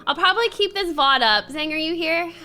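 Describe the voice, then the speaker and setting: Young female streamer, casual chat and giggly storytelling, a bright voice with faint music behind it. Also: very high-pitched, expressive, a little fast. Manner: reads chat and thanks viewers.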